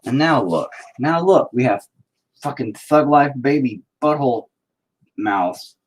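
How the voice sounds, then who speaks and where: With medium pitch, lively intonation and a slightly slow delivery, a man talks to himself while streaming his painting. His commentary is casual and self-critical, full of constant swearing and rambling.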